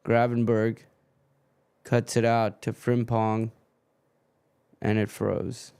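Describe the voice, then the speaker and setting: A man's voice: on the low side, little pitch movement, slow pace, gravelly, a little mellow, clean tone. A man hosting a live football watchalong stream, swearing and grumbling as his stream keeps freezing.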